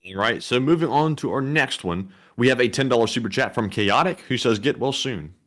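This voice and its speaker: A man co-hosts a casual livestream and reads out viewer messages. His delivery is steady and matter-of-fact, at a middle pitch for a man. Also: a little fast. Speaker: co-host reading donations.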